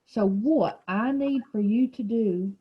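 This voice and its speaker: A woman teacher guides a small reading group over a video call, pausing to explain words patiently and asking question after question. Her voice is slightly husky, and it comes through dull, lo-fi call audio. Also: a little high.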